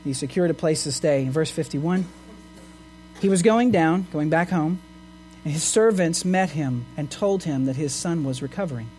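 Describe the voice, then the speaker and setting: A man's voice: a little high, normal speed, darkish tone, faint music behind. A man pastor preaching a sermon in an earnest way, asking his listeners questions. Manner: earnest, asks the congregation rhetorical questions.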